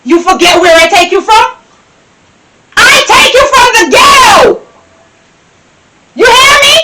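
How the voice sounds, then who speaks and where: A woman acting as a domineering Jamaican lady of the house who barks orders and hurls insults, her voice high and swinging wildly up and down. The recording carries loud, constant background noise. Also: animated, moderate pace. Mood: scolding. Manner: scolding, shouting, scornful. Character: bossy, scornful wife and lady of the house. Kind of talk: comedy skit acting.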